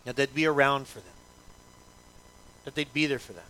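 A man's voice: mid-range voice, moderate pace, sharp tone. A male pastor preaching a sermon in an emphatic, repetitive way, asking the congregation many rhetorical questions.

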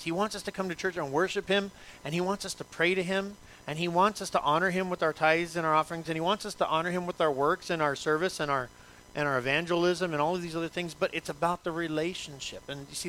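A man's voice: fairly high pitch, fairly even intonation, quick pace, fairly bright tone, slight background noise. A male pastor preaching a sermon in an emphatic, repetitive way, asking the congregation many rhetorical questions.

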